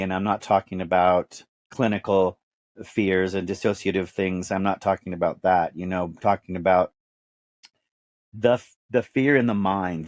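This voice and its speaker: A man's voice: deep voice, darkish tone, dry recording, clean studio sound. A man in his fifties with a Texan accent, a podcast host being interviewed, telling his life story in an earnest, emphatic way with repeated phrases. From Dallas, Texas. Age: 50s. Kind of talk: candid personal storytelling.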